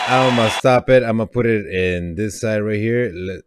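A man hosting a music reaction video, talking casually and excitedly, repeating himself and laughing often; a native Spanish speaker. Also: lowish voice, a little fast, few pauses, noisy background.

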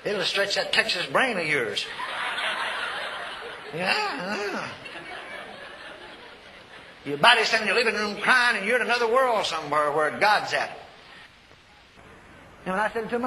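An older man preaches a sermon in a folksy, emphatic style, laughing as he tells stories. His high voice is expressive, pushed and bright, unhurried with frequent pauses, recorded in an echoey hall with faint noise.

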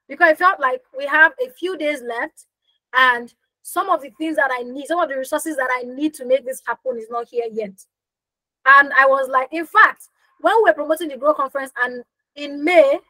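Emphatic high-voiced young woman coach. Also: bright, forceful tone, no echo, poor audio. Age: young adult. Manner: emphatic, repeats phrases, asks the audience questions. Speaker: business coach hosting a workshop. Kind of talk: live online class talk.

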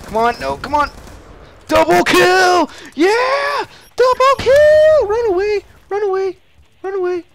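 A young man casually commenting while playing a shooter game, excitable and prone to loud yelps and mock-dramatic taunts. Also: fairly high pitch. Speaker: gaming channel host. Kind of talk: live gameplay commentary.

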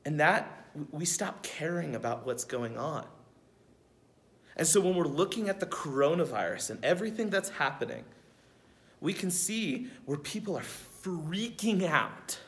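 A man's voice: fairly high pitch, unhurried, a little hiss or hum. Chatty young man giving a kids' lesson. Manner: relaxed and chatty, keeps checking in with listeners; rhetorical questions. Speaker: camp youth speaker. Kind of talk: casual devotional lesson for kids.

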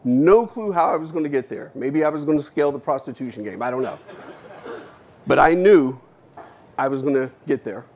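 A man gives a keynote speech from a university stage, telling a personal story in a mid-range voice. His delivery is dramatic, dropping to a hush and then rising to emphatic punches. He acts out his own past remarks and swears casually. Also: mid-range voice, animated, a little fast. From United States. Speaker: keynote speaker.

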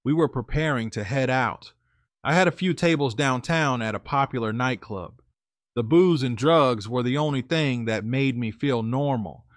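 A man reading a first-person story aloud in a steady, confessional way. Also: mid-range voice, moderate pace, no room sound, studio quality. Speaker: story narrator.

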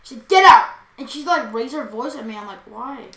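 A woman's voice: on the high side, fast talker, a little hiss or hum. A teenage girl co-hosting a podcast, telling school stories in a casual chat and acting out what people said. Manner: animated storytelling, acts out quotes. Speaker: podcast co-host. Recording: echoey room.

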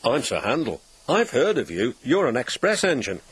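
A man's voice: mid-range voice, big pitch swings, moderate pace, background noise, close to an everyday voice. A man voicing a proud, grumpy male steam engine in a children's story, haughty and complaining. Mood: sulky. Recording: voice over loud background music.

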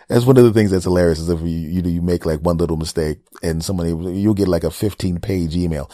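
A man's voice: low-pitched, fairly even intonation, a little fast, mellow, dry recording. A man hosting his own podcast, riffing in a brash, joking, profane casual monologue. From United States. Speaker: podcast host.

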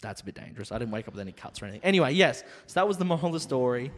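A man with a mid-range voice talks very fast as a podcast co-host, casually telling a rowdy story. He's animated and acts out the other people in it. The room is reverberant.

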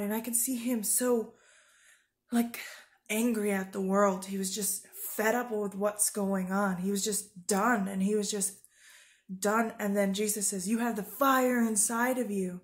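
A woman preaching informally to her viewers, earnest and urgent, rambling with fillers and restarts. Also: mid-range voice. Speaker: Christian video preacher.

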